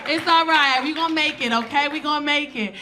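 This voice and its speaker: A man's voice: extremely high pitch, fairly quick, pushed and bright, a faint crowd, slight background noise, pitched above the performer's own voice, full character voice. A woman voicing a flamboyant gay male flight attendant who soothes everyone and keeps calling them honey. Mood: gushing, comforting.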